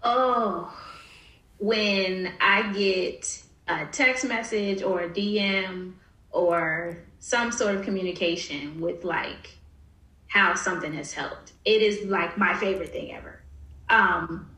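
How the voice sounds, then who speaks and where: A woman guest on a podcast, talking in an animated, emphatic way with frequent laughs. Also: medium pitch, slow pace, roomy sound, low-quality recording. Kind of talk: casual podcast interview.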